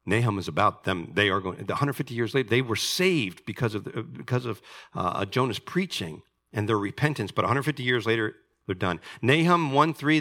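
A man preaching a sermon, emphatic and animated, asking the congregation questions. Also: lowish voice, fairly quick. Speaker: pastor.

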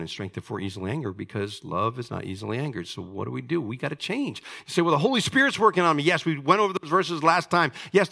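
A man preaching a sermon, emphatic and animated, asking the congregation questions. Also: on the high side, creaky. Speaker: pastor.

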